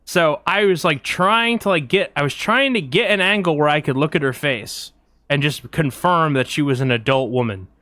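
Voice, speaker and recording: A man with a fairly high, smooth and resonant voice tells a rambling story in casual podcast chat. He talks with many fillers and quick asides into a close mic. The sound is dry, with no room around it. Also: bright, forceful tone, no echo. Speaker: podcast co-host.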